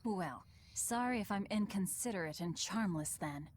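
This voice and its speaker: A woman's voice: mid-range voice, expressive, normal speed, a little hiss or hum, close to an everyday voice. An actress playing a blunt, curt young woman leading a group in a video game.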